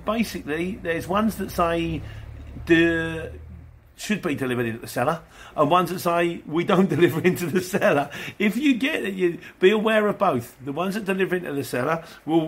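A van delivery driver with a fairly high, somewhat bright voice rambles casually to his viewers, answering them in a vlog. He acts out his exchanges with customers as he talks.

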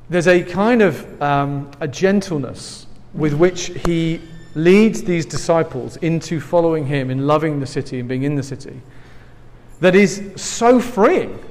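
An English man preaching a sermon in a big hall, his slightly raised voice trailing off into long reverb. He talks earnestly but conversationally, and a face mask softens his words. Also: on the high side. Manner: earnest and conversational, with asides and light laughs. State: speaking through a face mask. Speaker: pastor.

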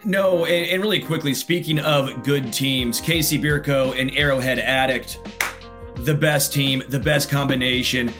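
A man's voice: medium pitch, a little slow, a bit bright, faint music behind. A man co-hosting a casual sports talk show, laid-back and laughing easily, also reading a sponsor spot. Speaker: sports podcast co-host. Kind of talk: casual sports chat with ad read.

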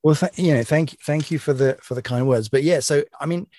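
A British man, an author being interviewed, talking casually with many restarts and repeated words, with a young-sounding, slightly higher voice. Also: fairly quick, darkish tone. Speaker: author and guest.

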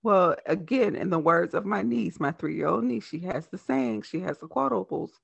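A woman podcast host with a lisp, talking fast in casual, animated chat. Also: on the low side, vocal fry, husky, no echo, lo-fi sound. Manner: talks fast, animated and laughing.

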